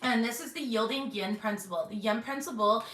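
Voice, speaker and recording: A woman hosting her channel from her bedroom, giving a casual intuitive tarot reading, chatty with many "um"s and throat-clearings. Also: fairly high pitch, brisk, fairly bright tone. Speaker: tarot reader and channel host. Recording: echoey bedroom, faint background hum.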